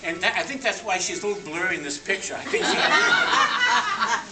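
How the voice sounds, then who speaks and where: A man's voice: sits high, moderate pace. Man telling jokes at a family party. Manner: deadpan joke-telling with laughter. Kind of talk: joking slideshow storytelling. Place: party room with guests at tables. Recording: echoey room, voice from far off, noisy.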